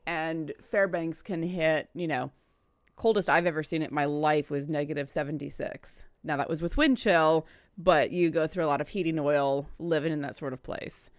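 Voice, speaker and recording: A woman's voice: sits low, steady tone, normal speed, no echo, clean studio sound. A woman in her thirties from Alaska, chatting casually with rambling asides while playing a video game. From Alaska, USA. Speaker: let's play streamer. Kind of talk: casual gameplay commentary.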